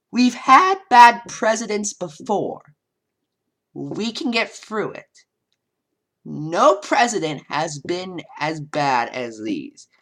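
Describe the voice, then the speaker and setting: Brief: woman commentator, sarcastic and rambling, lively swinging pitch. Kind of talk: casual political commentary.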